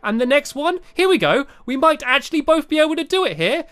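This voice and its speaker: A man giving playful, excitable commentary over a video game, often filling pauses with "uh". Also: very high voice. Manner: animated and excitable, frequent "uh" fillers. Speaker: gaming video host. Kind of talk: playful let's-play commentary.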